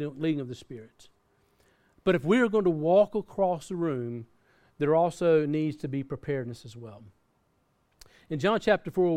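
A man's voice: a little high, mellow. A man preaching a sermon as pastor, earnest, often repeating and restarting words, and reading scripture aloud. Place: church in Australia.

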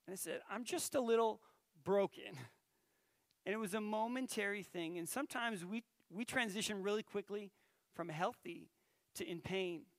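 A high-voiced man preaches in a relaxed, conversational way, turning to his listeners with questions as he tells a story. The recording is dry and close. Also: moderate pace, dry recording. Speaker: pastor. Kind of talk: sermon.

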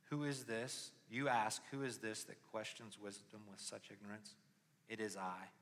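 A young adult man preaching a sermon with personal testimony, moving from quiet reflection to loud, impassioned pleading. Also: fairly low pitch, flat delivery, normal speed. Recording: long hall reverb.

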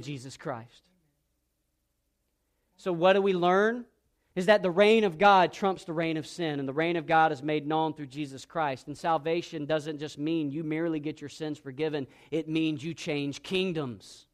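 A man's voice: fairly high pitch, moderate pace. A male pastor preaching a sermon, reading scripture and asking the congregation questions to fill in. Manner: preaching with rising emphasis and call-and-response questions.

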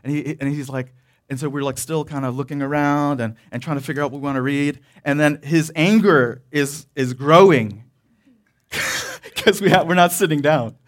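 A male pastor delivers a sermon through a loose personal story, his voice sitting somewhat high. He rambles, restarts his sentences and breaks into laughter as he goes. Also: moderate pace.

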